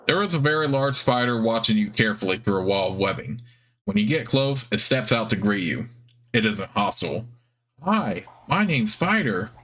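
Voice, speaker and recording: A man hosting a let's play, reading game text aloud in a steady narration with casual asides. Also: fairly low pitch, a little fast.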